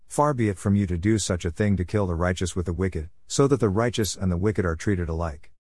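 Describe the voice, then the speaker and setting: Male reader voicing an elderly bargaining patriarch, low voice, plain reading. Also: fairly quick, darkish tone, no echo, studio quality. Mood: pleading. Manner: humble, persistent bargaining.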